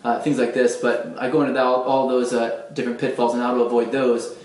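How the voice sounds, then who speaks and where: A man's voice: medium pitch, little pitch movement, fast, a little mellow, echoey room, low-quality recording. A man giving a casual, demonstrative dating lesson, talking conversationally with fillers and restarts. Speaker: dating coach. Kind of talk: casual instructional talk to camera.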